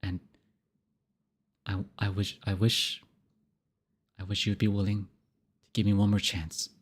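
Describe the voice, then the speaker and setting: A man's voice: on the low side, level tone, slightly rough, voice pushed down. A man acting out a stammering, remorseful ex. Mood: pleading. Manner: halting, stammering, soft-spoken pleading. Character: remorseful young man begging his ex for another chance.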